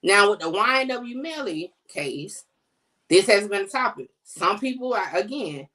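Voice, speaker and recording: A middle-aged woman hosting a podcast from home, talking in a blunt, slangy, animated way. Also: mid-range voice, measured pace. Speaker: podcast host. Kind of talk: casual chat to camera.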